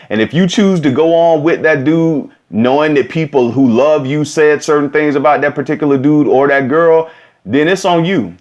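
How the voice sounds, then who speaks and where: A man's voice: a little high, moderate pace, lo-fi sound. A man hosting a vlog, telling a story in casual, slangy talk straight to his viewers. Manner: animated, slangy, direct address. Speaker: vlog host.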